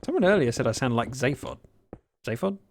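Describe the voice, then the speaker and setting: British man, game streamer, casual chat, bouncy delivery, gravelly edge, dry humour. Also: mid-range voice, very animated, measured pace, slight background noise. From Britain. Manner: chatty, reads viewer chat aloud, dry self-mocking humour. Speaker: livestreamer. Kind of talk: casual livestream chat while gaming.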